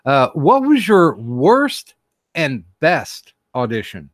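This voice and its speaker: A male host who speaks slowly and hesitantly, with plenty of pauses as he reads out questions. His voice sounds dry and close, with no room sound. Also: fairly high pitch, huge pitch swings, no echo. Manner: hesitant, many fillers and restarts. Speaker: podcast host. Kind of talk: casual interview.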